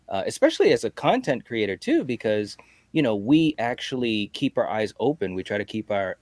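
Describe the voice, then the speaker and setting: A man co-hosting a casual livestream chat, talking in an animated way with stammering restarts. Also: on the low side, no echo. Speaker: livestream co-host.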